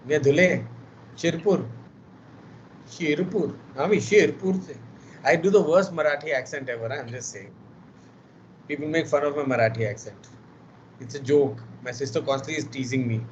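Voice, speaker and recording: A man's voice: a little high, moderate pace, long pauses. A man with an Indian English accent teaching an online class, chatty and teasing, mixing Hindi into his English, his voice tired and worn. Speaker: lecturer. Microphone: video call. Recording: muffled video call audio with faint noise.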